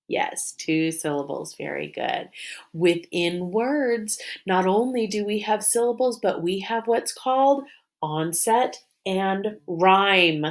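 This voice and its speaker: A woman teaching a phonics lesson to young children, modeling words and sounds slowly and warmly praising answers. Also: medium pitch. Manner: slow, encouraging, drawn-out modeling of sounds and syllables.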